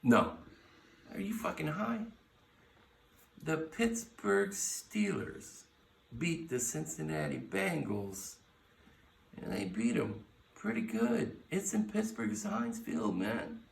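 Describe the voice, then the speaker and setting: A man's voice: on the high side, very animated, takes it slowly, vocal fry, pauses often, a little hiss or hum. A man hosting a podcast, giving brash, profane sports picks in casual talk and hyping his teams. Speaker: podcast host. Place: bar lounge. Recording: echoey room, mic at a distance.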